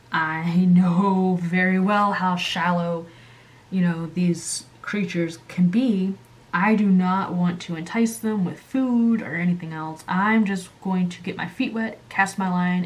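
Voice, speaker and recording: A woman hosting her channel, telling a story casually while coloring, animated and chatty, jumping up in pitch when she acts out quotes. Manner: chatty, many fillers and asides. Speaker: channel host.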